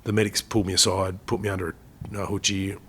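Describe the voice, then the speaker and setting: Low-voiced Australian man telling stories. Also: little pitch movement, fast talker, fairly bright tone, slightly rough. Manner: chatty, laughs through his stories. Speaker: guest, army veteran. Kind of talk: casual storytelling interview.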